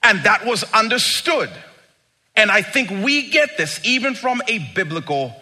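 A middle-aged man preaching a sermon, dramatic and emphatic, moving between quiet asides and loud bursts. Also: high-pitched, animated, measured pace. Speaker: pastor.

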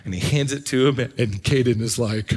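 A middle-aged man preaching a sermon as a pastor, telling a personal story with animated swings from hushed to excited. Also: mid-range voice, moderate pace, breathy edge. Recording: long reverb of a large hall.

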